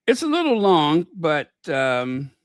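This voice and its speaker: A man's voice: on the high side, wildly swooping pitch, slow pace, no room sound, clean studio sound. A man hosting a channel, giving casual commentary and thinking aloud while he cues up clips. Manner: thinking aloud, stops to find and set up clips. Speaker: channel host.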